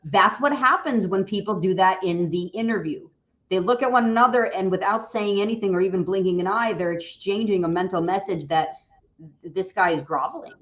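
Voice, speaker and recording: Animated career coach woman, lo-fi call. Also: mid-range voice, fairly quick, a little hiss or hum. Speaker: career coach, resume writer. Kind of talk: casual video-call chat.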